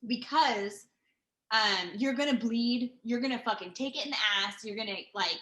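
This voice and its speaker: Bright-voiced woman telling a story in a roomy space. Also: on the high side, moderate pace. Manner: rambling, profane, many fillers and restarts. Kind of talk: casual storytelling chat. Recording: roomy echo.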